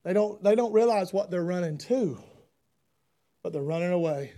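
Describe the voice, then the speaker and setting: A man preaching a sermon, loud and folksy with fervent emphasis. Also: high voice, lively intonation, moderate pace. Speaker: pastor.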